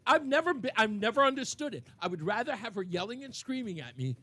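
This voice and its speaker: Animated, laughing male radio host. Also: very high voice, fast. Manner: laughs often, animated storytelling. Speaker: radio talk show host. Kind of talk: casual talk radio monologue. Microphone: studio microphone.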